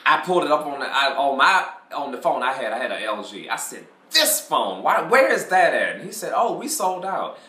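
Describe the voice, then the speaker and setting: A man's voice: mid-range voice, brisk, hardly any pauses, roomy sound. A man telling a funny shop story in casual chat, acting out both sides and swearing and laughing freely. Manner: animated, acts out both sides of a shop argument.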